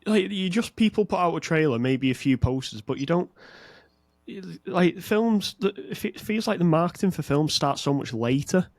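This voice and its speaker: A man's voice: fairly high pitch, expressive, normal speed, no echo. Thoughtful man on a dry podcast mic. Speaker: podcast co-host. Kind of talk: casual chat.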